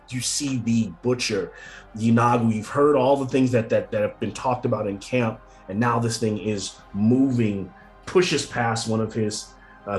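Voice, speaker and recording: A man narrating a tabletop game as game master, rambling with many fillers and frequent chuckles. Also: on the low side.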